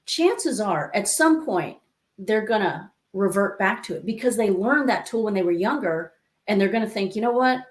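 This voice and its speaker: A woman life coach telling stories as an interview guest, lively and acting out the voices she quotes, with many asides to the listener. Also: mid-range voice, moderate pace. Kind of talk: conversational interview storytelling. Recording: echoey room.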